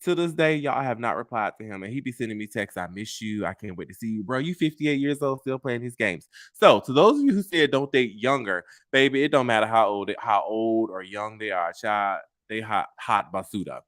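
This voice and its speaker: Sassy, animated man telling dating stories. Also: lowish voice, fairly quick, hardly any pauses, no room sound, clean studio sound. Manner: sassy, animated, talks straight to viewers; laughs at own stories. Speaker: vlog host. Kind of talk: casual storytelling monologue.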